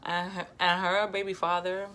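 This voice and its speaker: A young woman, telling a casual storytime in a lively, slangy way and quoting herself and others. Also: on the low side, moderate pace, slight background noise. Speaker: vlogger.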